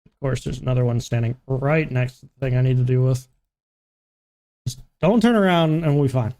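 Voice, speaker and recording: A man's voice: medium pitch, brisk, dark tone. A man streaming a game live, chatting casually, joking, humming and talking to himself as he plays.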